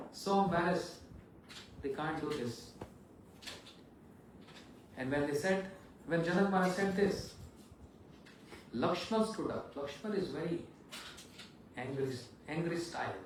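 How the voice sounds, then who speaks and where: Male preacher, high voice, animated storyteller, echoing hall from afar, faint noise. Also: slow, long pauses, distant mic. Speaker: monk preacher. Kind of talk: sermon storytelling.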